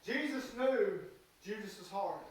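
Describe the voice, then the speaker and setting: A man delivers a sermon in a high voice, stumbling and filling pauses with "uh" in folksy, plain speech. He is heard from a distance across a very reverberant church. The sound is roomy and hollow. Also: animated. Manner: halting, fills pauses with "uh". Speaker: preacher. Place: church sanctuary. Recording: echoey church from far off.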